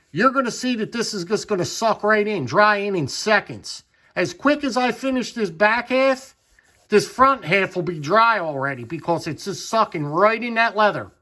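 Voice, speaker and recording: A man's voice: sits high, pushed and bright. A man hosting a hands-on demonstration in a folksy, chatty way, often repeating words for emphasis. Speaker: knife channel host.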